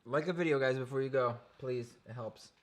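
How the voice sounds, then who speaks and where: A man's voice: mid-range voice, brisk. A man co-hosting a casual book livestream from home, speaking in an easygoing, joking way. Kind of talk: casual chat.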